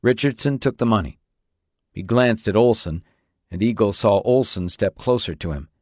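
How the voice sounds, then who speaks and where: Reading from a novel, a man narrates an audiobook with a calm, even delivery at normal speed. His voice leans low, and the recording is echo-free with clean studio sound.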